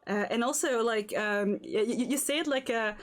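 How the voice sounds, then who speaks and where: A cheerful woman hosts a relaxed livestream chat, her voice sitting a little on the high side. She laughs often and encourages her guest warmly. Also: moderate pace. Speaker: host.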